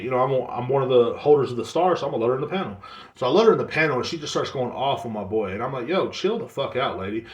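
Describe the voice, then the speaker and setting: Profane rambling man in a roomy room. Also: medium pitch. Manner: profane, rambling, animated storytelling. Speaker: podcast host. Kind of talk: casual solo podcast rant.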